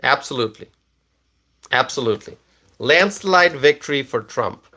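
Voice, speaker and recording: A man hosting a casual live stream, tired after a long day, talking slowly and repeating himself as he reads viewer comments aloud. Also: mid-range voice, lively intonation, pushed and bright.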